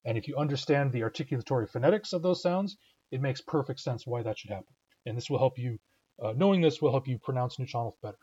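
A man explaining pronunciation in a recorded lesson, patient and methodical, often pausing with "uh". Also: medium pitch, animated, warm tone, slightly rough, dull audio. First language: English. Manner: patient, explanatory, frequent uh fillers. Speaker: language teacher.

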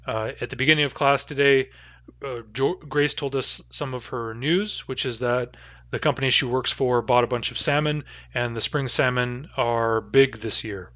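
A man giving a recorded language lesson, pronouncing example phrases slowly and carefully. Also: medium pitch, fairly bright tone, dry recording, highs cut off. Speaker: language teacher.

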